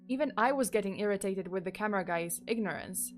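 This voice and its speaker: A woman's voice: medium pitch, fast, hardly any pauses, faint music behind. A woman streamer reading horror stories live who giggles often and breaks off into rambling asides. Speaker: streamer and storyteller.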